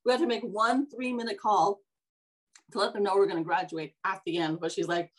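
A woman's voice: mid-range voice, steady tone, fairly quick, rough recording. A woman hosting a podcast, telling her life story in a rambling, casual way, correcting herself and laughing as she goes. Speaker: podcast host.

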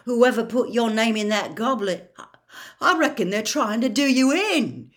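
A woman voicing a pale, serious teenage boy speaking gravely and hesitantly. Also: a little high, lively intonation, normal speed, pitched above the performer's own voice, natural voice.

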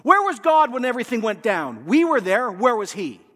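A man's voice: extremely high pitch, moderate pace, pitched above the performer's own voice, exaggerated voice. A man voicing a chorus of tempting demons, taunting and mocking, with the long reverb of a large hall. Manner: taunting and mocking, then falsely flattering. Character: sneering tempting demons, voiced as a group.

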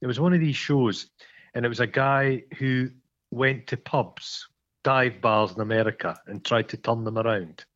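A man's voice: mid-range voice, normal speed, a bit bright. A Scottish man chatting casually on a podcast, rambling wryly with stammered restarts. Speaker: podcast co-host. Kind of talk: casual chat. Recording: dull lo-fi sound.

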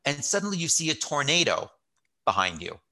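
A man hosting an interview podcast, eagerly retelling his guest's stories with growing excitement. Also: on the high side, a little fast. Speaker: podcast host. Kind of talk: interview chat.

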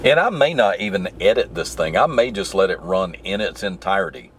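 A deep-voiced man with a light Southern accent rambles through easygoing stories. He talks to his listeners from the driver's seat of his truck. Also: animated, a little fast, slight background noise. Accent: mild Southern US. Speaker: podcast host. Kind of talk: casual solo storytelling while driving. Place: in his truck stuck in traffic.

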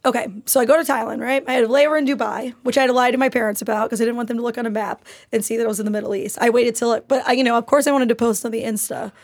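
A woman's voice: a little high, steady tone, racing, hardly any pauses. A young woman guest in a casual podcast chat, telling travel stories in an unfiltered, swearing way.

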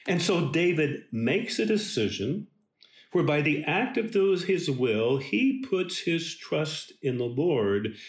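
A man giving a devotional Bible teaching in a slow, emphatic and earnest way. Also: on the high side, roomy sound.

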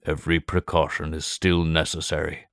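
A brilliant middle-aged detective, read by a man, speaks calmly and with measured, faintly superior poise. The voice sits very low. The sound is dry and close, with no room around it. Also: creaky, no echo. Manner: calm, measured, quietly superior. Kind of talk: audiobook character voice.

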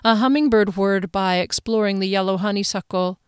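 A woman reads fiction aloud in an even, measured way. Her voice sits at a middle pitch and the recording is dry and close. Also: smooth, no echo. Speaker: audiobook narrator. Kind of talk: scripted narration.

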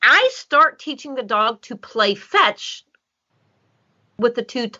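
A woman dog trainer chats casually on a podcast, telling stories in an animated way with plenty of fillers. Her voice swings lively up and down with a bright, slightly husky tone. The recording sounds dull and lo-fi. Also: a little high, slow. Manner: animated storytelling with many fillers.

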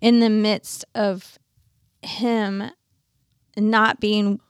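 A woman's voice: medium pitch, flat delivery, extremely slow, clear, resonant tone, no echo, studio quality. A woman co-hosting a casual Bible study podcast, an agreeable listener adding her own thoughts. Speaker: podcast co-host.

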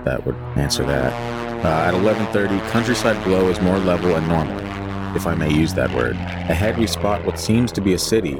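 A man co-hosting a casual podcast, reading a flight log aloud in a deadpan voice and joking between passages. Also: low voice, a little fast, loud music behind the voice.

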